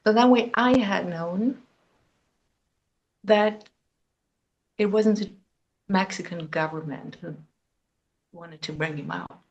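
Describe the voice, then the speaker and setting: Woman guest, English, nervous and hesitant, mid pitch. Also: darkish tone, muffled recording. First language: German. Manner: halting, hesitant, with many fillers. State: nervous, emotionally shaken. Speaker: interview guest. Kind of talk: personal testimony.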